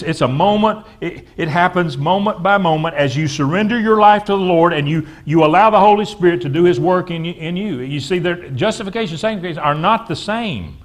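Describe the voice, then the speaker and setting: A pastor delivering a sermon in a church sanctuary. His voice sits a little high for a man. He talks straight to his flock, asks them to repeat phrases back, and stumbles over repeated words as he presses his points. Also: expressive, brisk. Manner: preaches with call-and-response to the congregation, repeats words.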